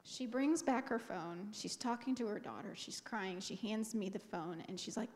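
A middle-aged woman giving a personal testimony to a congregation with lively, expressive storytelling. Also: medium pitch, moderate pace, few pauses. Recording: long reverb of a large hall.

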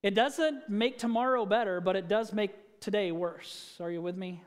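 A pastor with a mid-range voice preaches at a moderate pace, his words trailing off into a long reverb tail. His sermon feels conversational as he poses questions to the congregation and tells stories.

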